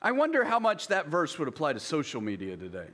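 A man's voice: fairly high pitch, huge pitch swings, fast talker, a bit bright. A middle-aged man pastor preaching a sermon in a conversational way, reading scripture aloud and then explaining it.

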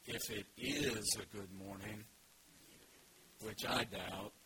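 A man voicing Eeyore, a gloomy old gray male donkey, in a slow, mournful, resigned way. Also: fairly low pitch, pitched below the performer's own voice, low-quality recording. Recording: loud background noise.

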